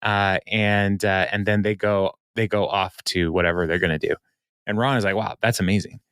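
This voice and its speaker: Man, low voice, dry close sound, rambling podcast chat, fillers and laughs. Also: steady tone, normal speed, a bit bright, clear, resonant tone, no room sound. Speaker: podcast co-host. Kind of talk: casual chat recapping a TV episode.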